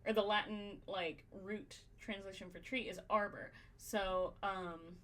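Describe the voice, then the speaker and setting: A woman's voice: medium pitch, fairly even intonation, unhurried, a bit bright. A woman hosting a podcast, brainstorming in casual chat, swearing freely and thinking aloud with lots of fillers. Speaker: podcast host.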